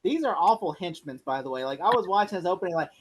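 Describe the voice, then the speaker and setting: A man co-hosting a casual show chat, animated and profane, laughing often and acting out quotes. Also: sits high, fast talker, breathy edge. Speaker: podcast co-host.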